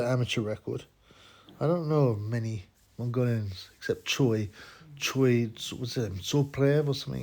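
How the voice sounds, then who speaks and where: A man's voice: medium pitch, a little mellow. A man in casual, crude, mocking boxing commentary, rambling with many restarts.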